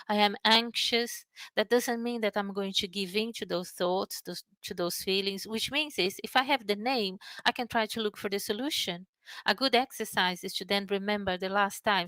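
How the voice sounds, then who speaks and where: A woman who works in mental health speaks calmly and earnestly, softening her voice when she guides a breathing exercise. Her voice sits at a medium pitch. The recording is dry, with no room echo. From United Kingdom. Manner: calm, earnest, slows and softens for the breathing guidance. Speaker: mental health practitioner giving a talk.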